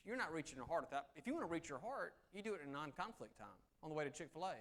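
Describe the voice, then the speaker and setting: Animated man giving a seminar. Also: racing, few pauses. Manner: animated, shifts between loud emphasis and soft low tones. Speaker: negotiation speaker. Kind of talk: live seminar presentation. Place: meeting room with audience.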